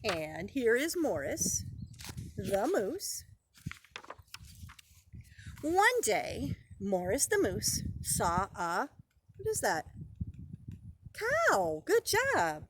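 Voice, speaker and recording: A woman's voice: mid-range voice, huge pitch swings, very slow, pauses often, slight background noise. A woman preschool teacher reading a picture book aloud to young children, sing-song and encouraging, repeating phrases for them.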